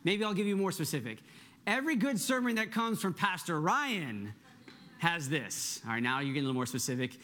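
A middle-aged man preaching a sermon as pastor, energetic and conversational, often checking in with the congregation. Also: on the high side, brisk.

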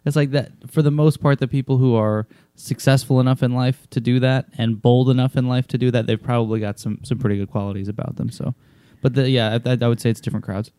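A man co-hosting a casual interview, asking quick leading questions. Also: mid-range voice, steady tone, mellow, smooth, no echo, studio quality. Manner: quick, asks leading questions ending in "right?".

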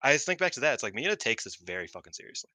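A man chatting casually on a podcast, an animated storyteller who swears freely and says "like" a lot. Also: mid-range voice, rapid-fire, dry recording. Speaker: wrestling podcast panelist.

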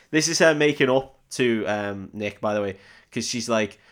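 A man's voice: fairly low pitch, measured pace, fairly bright tone. A man co-hosting a film podcast, recapping a movie in a loose, rambling way, swearing freely and laughing as he acts out the characters' lines. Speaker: podcast co-host. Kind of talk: casual film recap chat.

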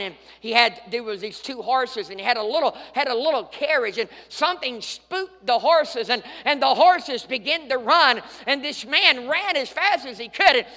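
A middle-aged man delivers a fervent sermon in a church sanctuary. His voice sits very high and rings bright and forceful. The hall gives it a long, trailing reverb. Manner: fervent preaching, swings from loud to hushed. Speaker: preacher.

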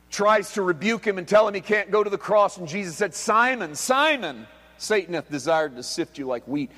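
A man preaching a sermon as pastor, swinging between hushed, quiet lines and loud, emphatic ones. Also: high voice. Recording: long hall reverb.

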